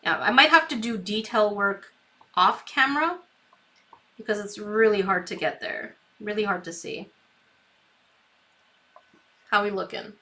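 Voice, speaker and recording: Female craft streamer, chatty, giggly, slow pace, bright tone. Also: mid-range voice. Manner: chatty, talks to herself, giggles often; reads viewer comments aloud. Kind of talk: live painting tutorial chat.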